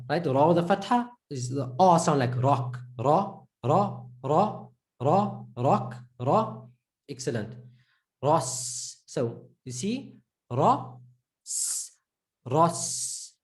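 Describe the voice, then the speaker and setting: In a step-by-step Arabic lesson, a woman with a low, warm voice teaches letter sounds, patiently drilling and repeating each syllable. She encourages the learner, praising their progress with words like "perfect" and "excellent."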